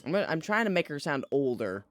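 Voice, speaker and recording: A woman's voice: sits low, big pitch swings, fast. A young woman streaming a game, making casual, wry asides with some swearing. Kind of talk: let's play commentary.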